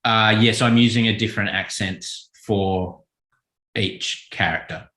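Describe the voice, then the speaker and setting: A man speaks in a fairly low voice with a forceful, bright edge, recorded with plenty of room echo. He talks through his answers thoughtfully, often restarting and rephrasing as he goes, in a relaxed interview manner. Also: unhurried. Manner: thoughtful, self-correcting, relaxed. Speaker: children's author and illustrator. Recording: echoey room.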